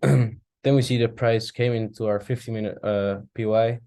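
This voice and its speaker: A man's voice: mid-range voice, fairly even intonation, moderate pace, dark tone, no echo. A man casually talking through a trading chart recap, thinking aloud and yawning now and then, recorded at a desk mic. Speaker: forex trader reviewing charts. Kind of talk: casual screen-share market recap.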